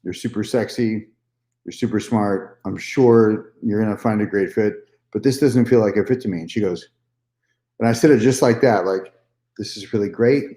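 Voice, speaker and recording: A man's voice: on the low side, moderate pace, mellow, echoey room. A man telling a personal story in a casual vlog monologue, candid and repetitive, swearing freely. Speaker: vlogger.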